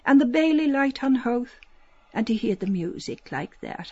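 A woman narrating a literary audiobook in an expressive, lilting storytelling manner, dropping to a hush at times. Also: on the high side, breathy edge, no echo, highs cut off. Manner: expressive, lilting storytelling with soft hushed passages.

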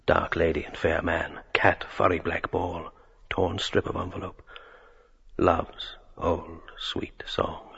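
Drifting inner thoughts, very deep, gravelly, raspy, half-whispered. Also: male voice, little pitch movement, moderate pace, a bit bright, exaggerated voice. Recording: dull lo-fi radio drama recording.

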